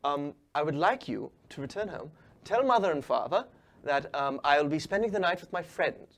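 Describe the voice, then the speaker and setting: A man voicing a prim, well-bred young gentleman in a tabletop game, who fusses in a posh, overly polite way. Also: on the high side, lively intonation, normal speed. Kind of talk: tabletop role-play voicing.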